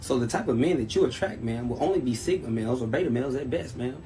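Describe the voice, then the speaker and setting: A man's voice: medium pitch, lively intonation, quick pace, mellow, soft background music. A man in a combative, profane rant. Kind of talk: angry rant.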